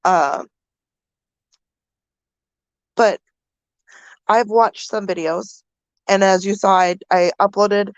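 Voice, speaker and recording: A woman vlogger from the American Midwest, talking to her viewers through tears, halting with many pauses and fillers. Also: mid-range voice, steady tone, no room sound, highs cut off. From Minnesota. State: crying. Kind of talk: emotional vlog talk to viewers.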